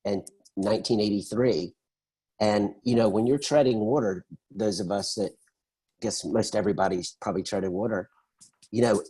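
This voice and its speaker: A husky middle-aged man with a fairly low voice tells his story over a video call. He is animated and conversational, and he slips into the voices of the people in it as he goes. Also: rough recording. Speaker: interview guest.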